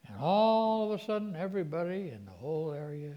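A man preaching a sermon, telling a personal story, his voice swinging from hushed to loud. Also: on the high side, sing-song, a little fast, hardly any pauses, long reverb tail.

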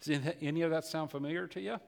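Man, pastor, sermon, fairly high voice, repeats himself, church hall reverb. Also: steady tone, rapid-fire, creaky. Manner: preaching with rising intensity and frequent repetitions.

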